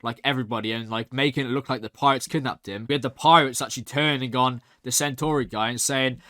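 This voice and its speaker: A young man hosting a reaction channel, excitedly rambling through a recap with lots of "like". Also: mid-range voice, quick pace, hardly any pauses, no echo, studio quality. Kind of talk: casual recap and review.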